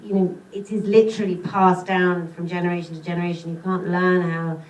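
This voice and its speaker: A woman's voice: fairly low pitch, level tone, a little fast, darkish tone. British woman, chatty, in an echoey theater. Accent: British English. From Britain. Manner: chatty, self-deprecating, breaks into laughter. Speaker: actress and panel guest. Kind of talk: post-screening Q&A answers. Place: cinema theater, audience present. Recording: echoey theater, far from mic, faint hiss.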